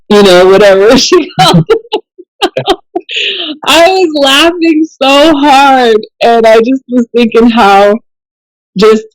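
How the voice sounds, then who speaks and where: Woman, police officer, casual storytelling, animated, laughing, medium pitch, dry sound. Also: no echo, poor audio. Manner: chatty and animated, laughs often while telling a story. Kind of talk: casual storytelling in a podcast conversation.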